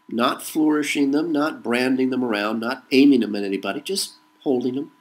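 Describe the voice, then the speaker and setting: A man from the United States talks straight through a political monologue in a voice of ordinary pitch. His delivery is rhetorical and insistent, and he keeps returning to the same refrain. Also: low-quality recording. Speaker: political commentator. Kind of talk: monologue to camera.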